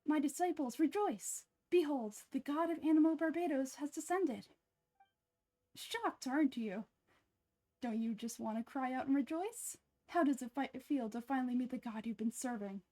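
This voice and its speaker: A woman's voice: high-pitched, moderate pace, mellow. A woman voicing a small playful male bard spirit in a game dub, cheeky and theatrical. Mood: playful boastful.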